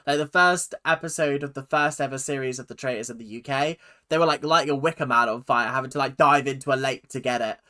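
A YouTube host giving casual, animated reaction commentary with frequent laughs and exclamations. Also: medium pitch.

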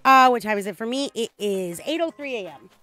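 Excitable high-voiced woman streamer. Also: brisk, soft background music. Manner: chatty, excitable, rambling with restarts. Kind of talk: casual game livestream chat.

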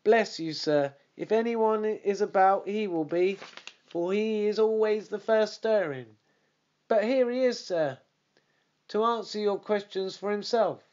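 Man playing a guarded stable groom, deferential, raised pitch, lo-fi. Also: unhurried, darkish tone. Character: wary male stable groom, servant.

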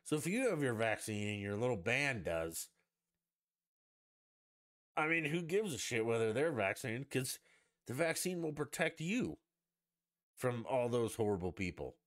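A man's voice: mid-range voice, big pitch swings, measured pace, pauses often, fairly bright tone. A man hosting a solo podcast, ranting in a profane, sarcastic and rambling way. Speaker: podcast host.

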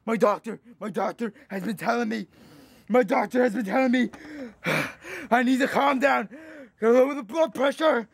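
Squeaky gravelly 80 yr old grump, rants n rambles, dry close sound. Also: male voice, dry recording, exaggerated voice. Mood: weary. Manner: rambling, ranting, repeats "let me tell you something". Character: hot-tempered boastful 80-year-old man food reviewer. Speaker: comedy YouTuber in character. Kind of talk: comedic character monologue.

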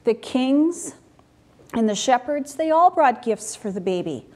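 A woman telling a story to a group of children in church, animated and full of questions for them. Her voice sits fairly high and she talks at an unhurried pace. Her tone stays lively and engaged throughout.

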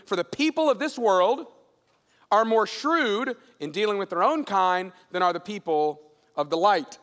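In a large church auditorium, a middle-aged pastor with a fairly high voice preaches at a measured pace. He tells stories loosely and conversationally, lowering his voice to act out the characters' dialogue with animation. A long reverb from the big hall follows his words.

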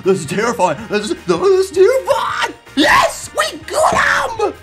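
A young man giving excitable, goofy gameplay commentary as a channel host, yelping and shouting at sudden moments. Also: high-pitched. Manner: goofy self-mocking banter.

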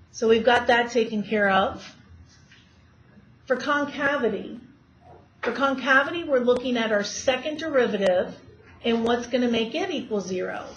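A woman math teacher giving a classroom lecture and quizzing her students as she works through problems. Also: fairly high pitch. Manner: asks students questions while working problems. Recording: dull lo-fi classroom recording, faint hiss.

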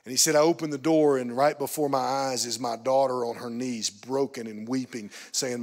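A man pastor preaching a sermon in a church, telling a story that swings from hushed, quiet passages to emphatic, raised pleading. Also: mid-range voice, fairly even intonation, moderate pace, hardly any pauses. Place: church sanctuary.

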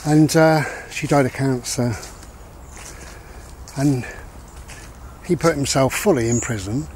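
A man in a middle-range voice talks through life advice in a loose, rambling way, circling back to repeat his main points. He sounds reflective and unhurried. He is recording while out walking a dog, with a faint hum of outdoor ambience behind him. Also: mid-range voice, darkish tone. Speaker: vlogger giving life advice. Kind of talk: casual rambling monologue.

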